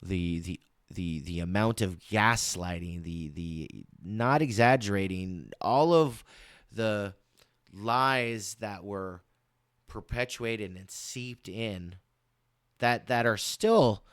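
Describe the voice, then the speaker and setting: Slow, smooth-voiced man ranting. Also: fairly low pitch, no room sound, studio quality. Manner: rambling, repeats words and restarts, emphatic. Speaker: commentary show host. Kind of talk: casual political commentary.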